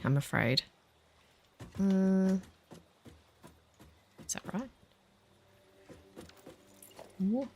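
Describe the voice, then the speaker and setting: A woman's voice: on the low side, fairly bright tone, a little hiss or hum. A woman chatting casually with her viewers while she plays, self-deprecating and easily sidetracked. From Australia. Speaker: game streamer. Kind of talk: casual chat while gaming.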